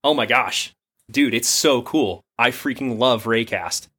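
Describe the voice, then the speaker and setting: A man's voice: medium pitch, measured pace, bright, forceful tone, breathy edge. An American man co-hosting a casual tech chat from his home office over a remote call, enthusiastic and jokey, with rambling sentences. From United States. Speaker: podcast co-host. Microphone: remote call mic.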